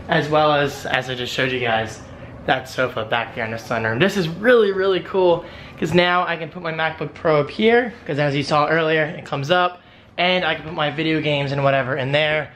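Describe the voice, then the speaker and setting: A man's voice: fairly high pitch, fairly bright tone, slight background noise. Upbeat young man vlogging casually. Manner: upbeat, chatty, rambling. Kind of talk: casual vlog narration.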